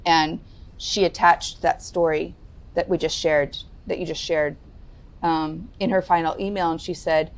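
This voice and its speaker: A middle-aged woman telling a personal story as a podcast guest, candid and deliberate. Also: level tone. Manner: candid, lowers her voice and speaks deliberately. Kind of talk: reflective interview storytelling.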